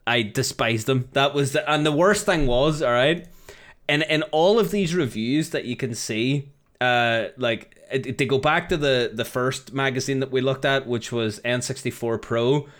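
A man co-hosting a podcast, telling stories in a wry, animated way. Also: medium pitch, normal speed. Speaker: podcast co-host. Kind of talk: casual chat.

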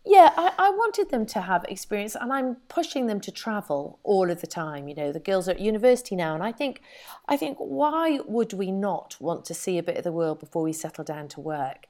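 A woman's voice: medium pitch, big pitch swings, fairly quick, darkish tone. A middle-aged woman, a podcast co-host chatting animatedly and laughing often. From Wales. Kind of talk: casual chat.

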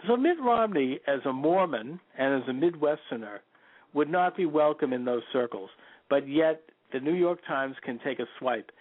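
A male radio talk show host giving a political commentary monologue, opinionated, stressing names with jumps in pitch and leaning on "you know" fillers. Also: expressive, normal speed, no room sound. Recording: tinny phone-like line, dry.

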